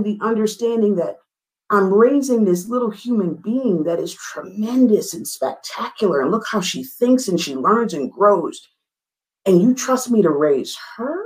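As an interview guest, a woman relates a candid story from her life with earnest emphasis, rising high in pitch when excited. The audio quality is poor.

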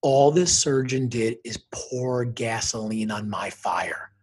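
A middle-aged man with a strongly husky, rough-edged voice, speaking as an interview guest. He talks like a motivational speaker, emphatic and intense, driving his points home with punchy, repeated phrases. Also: medium pitch, slow. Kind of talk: emotional personal storytelling.

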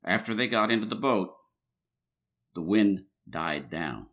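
A man's voice: on the low side, expressive, unhurried, a bit bright. A man preaching a sermon in a conversational way, reading scripture aloud, with frequent restarts and filler words.

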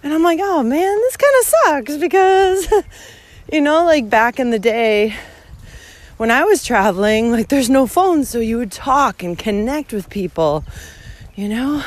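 A woman's voice: high-pitched, expressive, a little slow. Fired-up swearing woman ranting on a hike. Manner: heated, heavy swearing, laughs often. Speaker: vlogger. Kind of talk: casual walking vlog. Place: outdoors on a hiking trail. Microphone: handheld phone.

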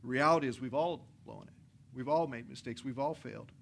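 A man, a pastor, preaching a conversational, energetic sermon in a church, repeating his phrases for effect. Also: mid-range voice, a little fast, vocal fry, a little hiss or hum. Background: soft guitar music.

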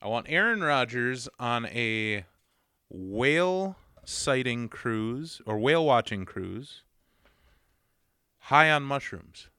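A man's voice: mid-range voice, animated, slow, sharp tone, clean tone, no room sound, clean studio sound. A man with an Upper Midwest accent, co-hosting a casual podcast, joking and teasing with frequent laughs. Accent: Upper Midwest American. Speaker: podcast co-host. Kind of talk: casual chat.

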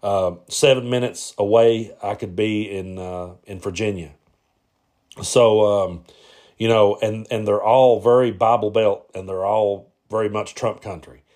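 A man's voice: fairly low pitch, fairly even intonation, unhurried, a little mellow. A man, hosting a podcast and answering listener questions in a casual, rambling way full of "uh"s and restarts. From Appalachian Kentucky-Tennessee border. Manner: rambling, frequent "uh" and repeats. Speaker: podcast host.

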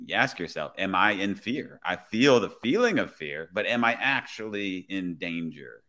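A man, a police officer guest on a podcast, telling his story in a relaxed way with quoted dialogue. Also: low-pitched, moderate pace.

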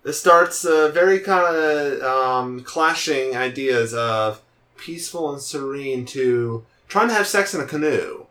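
A podcast co-host chatting casually about a film, jokey and quick to chime in. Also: medium pitch. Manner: jokey, animated, interjects often. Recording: roomy, echoey sound.

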